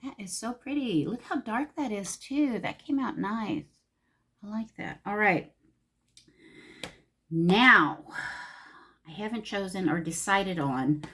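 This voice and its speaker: Bright and forceful, her mid-range voice is animated, slow, and broken by frequent pauses. She's an LA beauty vlogger casually talking through a makeup tutorial, gushing and chatting to herself as she applies it.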